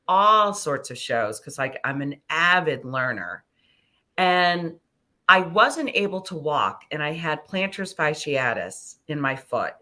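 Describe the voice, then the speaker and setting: A middle-aged woman speaks as a guest in a casual interview, her voice bright and sharp. She tells her stories slowly and animatedly, dropping the odd swear word and playing out what others said. Her voice sits a little low for a woman. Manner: animated, swears freely, acts out dialogue. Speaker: guest, ascension teacher and hypnosis practitioner.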